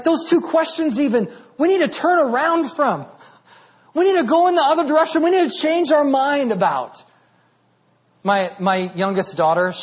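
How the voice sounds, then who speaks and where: A man in his thirties preaching a sermon as pastor, animated and rising to near shouting at his peaks. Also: very high-pitched, highs cut off.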